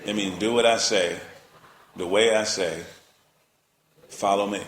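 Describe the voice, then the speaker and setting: A man's voice: fairly low pitch, steady tone, a little slow, fairly bright tone. A male pastor preaching a sermon in a colloquial, playful way, often checking in with his listeners. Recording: roomy echo.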